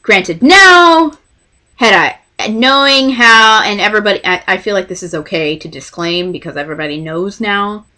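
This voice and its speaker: A woman's voice: medium pitch, normal speed. A young woman from Texas telling a story to camera in a casual vlog, acting out what others said. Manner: animated, acts out the voices of others in her story. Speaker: vlogger.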